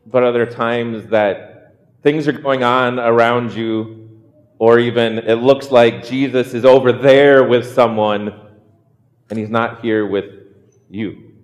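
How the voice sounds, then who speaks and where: A man's voice: medium pitch, steady tone, slow, long reverb tail, lo-fi sound. A man preaching a sermon, earnest, often repeating words as he builds a point. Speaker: pastor.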